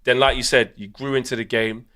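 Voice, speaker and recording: A man's voice: medium pitch, steady tone, fairly quick, bright, forceful tone. A man in casual football chat, confident and fond of vivid analogies. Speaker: football podcast pundit.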